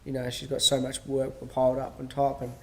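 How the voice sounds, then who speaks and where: A man's voice: mid-range voice, monotone, a little fast, gravelly, a bit bright. A man hosting a podcast, talking casually in a rambling way, full of fillers and restarts, and acting out dialogue as he tells stories. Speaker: podcast host. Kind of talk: casual monologue.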